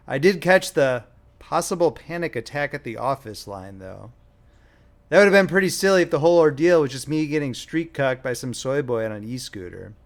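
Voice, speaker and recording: A young man reading his own story aloud as an audiobook, with a wry, self-deprecating manner. His voice sits at a middling pitch, and he narrates in a casual, humorous first-person tone. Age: young adult. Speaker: author and narrator.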